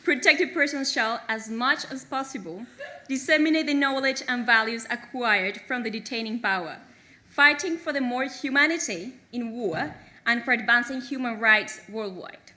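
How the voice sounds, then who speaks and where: A young woman reading humorous mock legal articles at a graduation ceremony, crisp and formal with a playful undertone. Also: fairly high pitch, normal speed, bright, forceful tone. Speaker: graduating student presenter.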